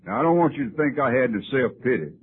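A man's voice: mid-range voice, very animated, fast talker. A man telling his personal story at a recovery meeting in a folksy, wry, self-mocking way. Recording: muffled lo-fi old tape, faint hiss.

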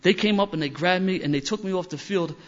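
An older man tells a story in a rough-edged, self-mocking way. His voice sits fairly high for a man, and he gets louder and livelier as the tale builds. The recording sounds dull and lo-fi. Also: fast talker. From Philadelphia. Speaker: speaker sharing recovery story. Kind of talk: storytelling talk to an audience.

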